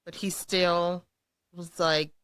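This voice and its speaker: A woman co-hosting a podcast, calm and supportive, telling stories plainly. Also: on the low side, takes it slowly, clean tone, no room sound, clean studio sound. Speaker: podcast co-host. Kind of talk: casual podcast chat.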